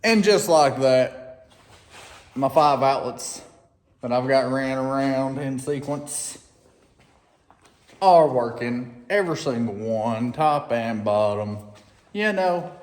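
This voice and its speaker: A man, chatting excitedly and folksily in a casual DIY vlog from his unfinished workshop. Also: medium pitch, a little slow, pauses often. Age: 30s. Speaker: DIY vlogger. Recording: echoey reverberant shop room.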